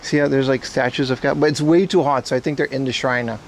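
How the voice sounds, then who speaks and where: A man's voice: medium pitch, steady tone, fast talker, vocal fry, slight background noise. A man hosting a casual livestream outdoors on the street, rambling and chatting with his viewers as he walks. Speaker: livestream host. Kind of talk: casual livestream chat while walking. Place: outdoors on streets and at a shrine in hot weather.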